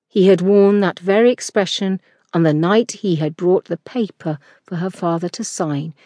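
A woman narrating a historical romance audiobook in a measured, expressive reading. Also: mid-range voice, dry recording, studio quality.

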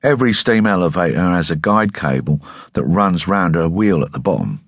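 Man doing a stern young male rebel leader, curt, accusing, deep voice, audiobook. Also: lively intonation, normal speed, no echo, clean studio sound.

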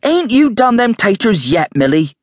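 A man's voice: a little high, sing-song, unhurried, husky, no room sound, studio quality, voice pushed up, exaggerated voice. A man doing a fussy landlady. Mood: fussing. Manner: fussy, flustered, rustic country speech. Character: bustling middle-aged village landlady.

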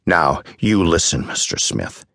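A man's voice: sits low, very animated, unhurried, vocal fry, dry recording, studio quality, full character voice. A man voicing a rattled male doctor who snaps angrily in an audiobook. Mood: angry. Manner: sharp, angry outbursts.

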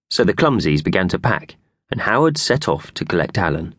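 A man narrating a children's audiobook with brisk, expressive storytelling. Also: low-pitched, dry recording, studio quality.

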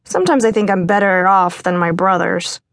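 A woman narrator voicing a lively grown woman from a busy Greek family, brisk and teasing, in an audiobook. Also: fairly low pitch, lightly acted. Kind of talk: audiobook character voice.

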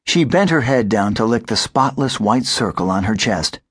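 A man narrating a children's audiobook with expressive storytelling. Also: medium pitch, moderate pace, slightly rough, no room sound, clean studio sound.

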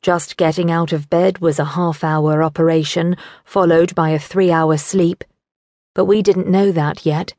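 A woman narrating a teen novel in first person, measured and wry. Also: fairly low pitch, steady tone, darkish tone, dry recording, clean studio sound. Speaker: audiobook narrator. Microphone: studio microphone.

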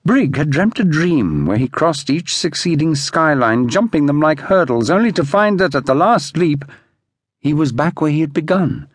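A man narrating an audiobook in a measured, expressive storytelling manner. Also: fairly high pitch, dry recording, clean studio sound.

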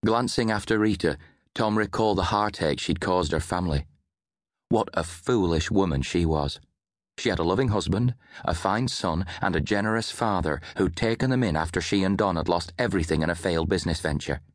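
Deep-voiced male audiobook narrator. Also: no echo, studio quality. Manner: measured storytelling. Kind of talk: scripted narration.

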